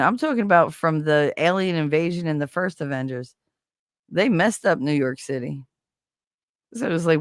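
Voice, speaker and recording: A woman's voice: deep voice, vocal fry, fairly bright tone, dry recording, studio quality. A woman hosting a casual stream, telling stories playfully and acting out quoted voices. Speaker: streamer host. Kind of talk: casual chat.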